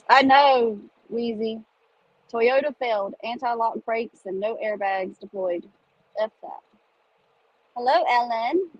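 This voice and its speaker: A woman's voice: fairly high pitch, slow, dull audio. A woman with a Southern US accent chatting casually in a vlog, rambling with country phrasing, talking from a car. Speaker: vlogger. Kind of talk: casual chat.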